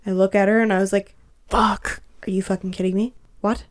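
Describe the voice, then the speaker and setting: A woman's voice: fairly high pitch, quick pace. A young woman in her twenties telling a story in casual podcast chat, swearing a lot and laughing often. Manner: profane, laughing, animated storyteller.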